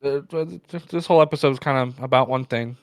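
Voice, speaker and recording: A man chats through a casual commentary show, wandering through his points with lots of fillers and restarts. His voice sits at an ordinary pitch and comes across dry and close to the mic. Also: fast talker, clean tone, no room sound. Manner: loose, filler-heavy, rambling. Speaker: co-host.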